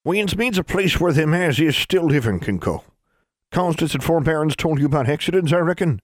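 A man's voice: on the high side, lively intonation, a little fast, dry recording, voice pushed up. A man voicing a kindly elderly Ozark granny witch with a folksy drawl.

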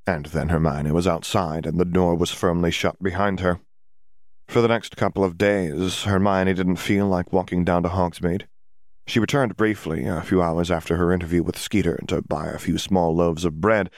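A male audiobook reader narrates a fantasy story in a steady, even storytelling manner. His voice is deep and sits close to the mic, with a dry, unechoing sound. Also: normal speed, no room sound. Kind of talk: scripted narration.

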